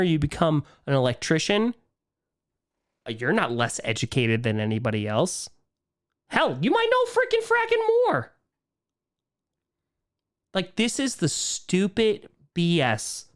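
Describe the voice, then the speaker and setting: A male livestream host chats casually while answering viewer questions, ranting with frustration. He swings between loud, excited outbursts and quiet, weary muttering.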